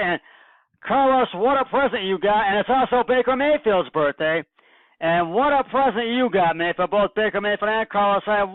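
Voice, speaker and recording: A man giving a casual solo sports recap, rambling and excited, repeating himself with many fillers. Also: high-pitched, clear, resonant tone, no echo. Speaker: home podcaster recapping football. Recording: tinny phone-like dry recording.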